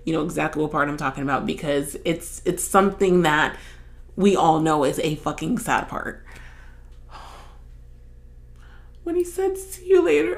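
A young adult woman hosting her own podcast, chatting casually and expressively, swearing and jumping high when acting out stories. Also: fairly bright tone. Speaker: podcast host. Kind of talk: casual solo chat.

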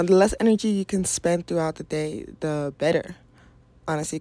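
A Nigerian woman hosts a podcast, talking casually and frankly about spiritual wellness, swearing freely and laughing often. Her voice is fairly low, creaky, and a little mellow.

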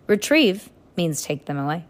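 A woman's voice: lowish voice, very animated, normal speed. A woman voicing a chubby, cheerful marketing man who talks in a beaming, breezy way.

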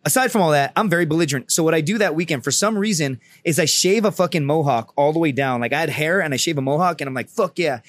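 Male podcast co-host, fast profane storyteller with a fairly high voice, dry close sound. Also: no echo. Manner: profane, animated storytelling with acted-out quotes. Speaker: podcast co-host, Marine veteran. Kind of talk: casual storytelling.

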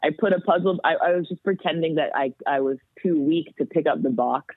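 A woman guest on a podcast, chatting casually and telling stories in an animated way. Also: low voice, fairly quick, breathy edge, dry recording. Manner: animated storytelling. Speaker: guest, metal vocalist. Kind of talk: casual chat. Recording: tinny phone-like sound, dry.

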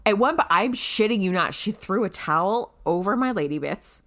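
A woman telling a story in casual chat, animated and swearing freely, loudly acting out what people said. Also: mid-range voice, normal speed. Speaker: guest telling her birth story.

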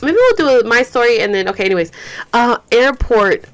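A woman's voice: a little high, very animated, fairly quick. A woman hosting a podcast in a rambling, chatty way, tired and yawning, saying "like" a lot and swearing now and then. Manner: rambling, chatty, says "like" and "you guys" often, swears. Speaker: podcast host. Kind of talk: casual chat.

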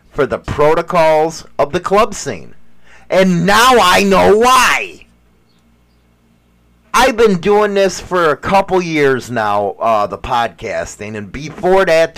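A middle-aged man talks on his podcast in a blunt, profane, casual way. He takes his time with each phrase, and his pitch rises and falls a lot as he makes his point. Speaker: podcast host.

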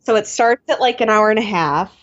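A woman's voice: mid-range voice, fairly quick. A young woman co-hosting a podcast, steadily narrating a reality show's plot with dry asides. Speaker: podcast co-host. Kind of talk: casual chat recapping a reality show. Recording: dull lo-fi sound.

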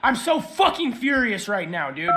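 A man's voice: very high voice, sing-song, normal speed, pushed and bright. A man prank-calling a chat line, ranting in a profane, mock-furious manner. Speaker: prank caller. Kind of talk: crude prank call messages.

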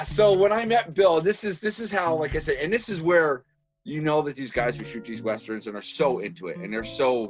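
A man from Massachusetts with a Boston accent, a filmmaker telling rambling, animated stories with many restarts in a casual interview. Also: medium pitch, muffled recording. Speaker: filmmaker guest.

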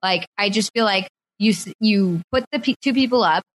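A woman's voice: medium pitch, moderate pace, rough recording. A woman co-hosting a casual podcast discussion. She speaks directly and acts out quoted lines of dialogue.

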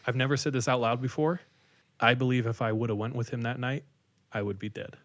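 A man's voice: mid-range voice, fairly even intonation, fairly quick, a bit bright, natural voice. A man quoting a tired, uneasy young woman who talks hesitantly and stammers as she restarts. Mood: earnest.

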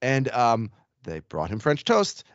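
A man's voice: medium pitch, takes it slowly, no echo, lo-fi sound. A man co-hosting a podcast, chatting casually and telling stories with a laugh. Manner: chatty storyteller, lively and laughing. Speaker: podcast co-host. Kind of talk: casual chat about a TV episode.

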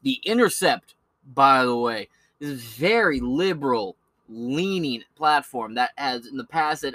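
A man's voice: mid-range voice, expressive, a little slow, a bit bright, no room sound. A young man hosting a podcast, telling crude, joking stories full of slang and swearing. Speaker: podcast host. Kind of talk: profane ranting commentary.

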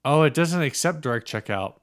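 A man's voice: fairly high pitch, lively intonation, a little fast. Teasing man co-hosting a podcast. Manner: teasing, reads listings aloud with mock quotes. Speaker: podcast co-host. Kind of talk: casual chat.

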